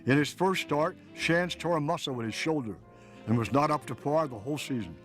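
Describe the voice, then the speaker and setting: A man giving scripted documentary narration in a measured, storytelling way. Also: on the high side, fairly bright tone, faint music behind.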